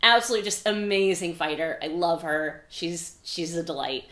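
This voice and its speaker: A woman's voice: fairly low pitch, moderate pace, a bit bright. A woman hosting a podcast, recapping a book in a chatty, casual way with frequent "like" and some swearing. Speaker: podcast host. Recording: echoey room.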